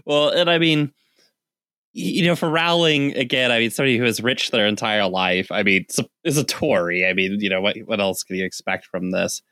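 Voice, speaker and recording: A man's voice: on the low side, fairly even intonation, fairly quick, bright, forceful tone, no echo, studio quality. A man co-hosting a casual political podcast, sardonic and laughing often, with lots of filler words. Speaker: podcast co-host.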